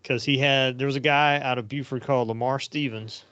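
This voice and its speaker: A man wanders through long anecdotes in easygoing podcast chat, full of fillers and asides. His voice sits at an ordinary middle pitch, and the recording is dull and lo-fi with a dry, close sound. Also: fairly even intonation, fairly quick, a bit bright, clear, resonant tone, no room sound. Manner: rambling and anecdotal, with frequent fillers. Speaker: podcast host. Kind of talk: casual storytelling chat.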